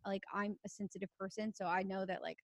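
A woman's voice: mid-range voice, fairly even intonation, fast, dry recording. Young woman co-host, earnest casual chatter, dry close sound. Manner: earnest, chatty, many fillers. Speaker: podcast co-host. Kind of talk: casual chat.

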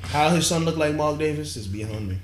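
A man's voice: on the high side, lively intonation, fairly quick. A man giving sarcastic, opinionated takes in casual sports banter, swearing freely. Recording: echoey room with crowd noise.

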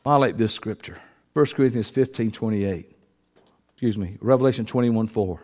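A man preaching a sermon, folksy and emphatic, swinging from loud shouting to a quiet, breaking voice. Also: on the low side, normal speed. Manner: folksy, emphatic, reads scripture aloud. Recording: long reverb of a large hall.

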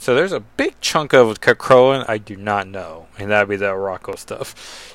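A man's voice: lowish voice, lively intonation, measured pace, fairly bright tone, no echo. A man reading a comic book aloud and breaking off for chatty, digressive, self-deprecating asides. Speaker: comic book reader and commentator.

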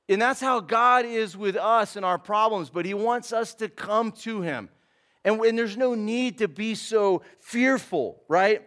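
A man's voice: high-pitched, lively intonation, unhurried, fairly bright tone. A man preaching a sermon in a casual, conversational way, calling people man and dude. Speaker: pastor.

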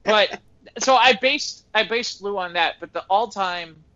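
A man in casual chat, telling stories with animated energy and acting out what people said. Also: high-pitched, unhurried, highs cut off. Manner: animated storyteller acting out quotes.

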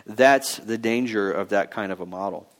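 A man preaching a sermon in a conversational teaching style, pausing with fillers and restarts as he works through his points. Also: lowish voice. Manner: mock-voices other views in quoted asides. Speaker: pastor.

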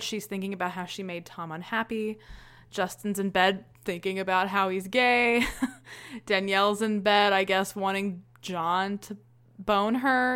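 A woman co-hosting a podcast, chatting casually with an excitable, quick-to-laugh manner. Her voice sits at a middle pitch for a woman, and she swears freely as she talks. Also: clear, resonant tone. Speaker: podcast co-host. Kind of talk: casual chat.

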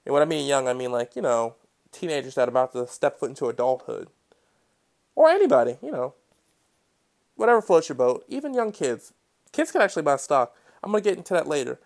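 A man hosts a casual solo podcast, explaining things in a loose, rambling way and dropping joking asides. His voice sits in a middle pitch. He jumps from loud, eager bursts to quiet, muttered comments. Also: very animated, brisk, vocal fry. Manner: chatty and digressive, with jokey side remarks. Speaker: podcast host.

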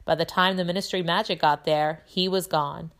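A woman's voice: mid-range voice, moderate pace, a bit bright, pitched above the performer's own voice, lightly acted. A woman reading aloud and voicing an eager, chatty schoolboy sharing news. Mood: excited.

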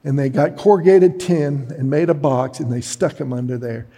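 A middle-aged man preaching a sermon, telling a story dramatically and shouting at its peaks. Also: fairly high pitch, breathy edge. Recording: long hall reverb.

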